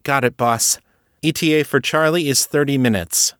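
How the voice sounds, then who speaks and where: A man voicing a brisk adult woman dispatcher giving clipped radio reports in an audio drama. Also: medium pitch, a bit bright, no room sound, clean studio sound, voice pushed up, close to an everyday voice.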